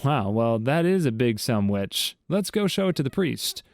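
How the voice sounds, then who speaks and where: A man voicing excited young altar boys, eager and insistent. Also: mid-range voice, moderate pace, creaky, dry recording, studio quality.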